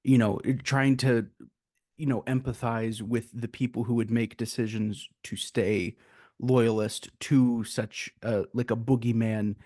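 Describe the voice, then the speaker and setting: A man's voice: mid-range voice, level tone, measured pace, a little mellow, dry recording, clean studio sound. A man co-hosting a casual film review, making earnest points with rhetorical questions. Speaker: podcast co-host.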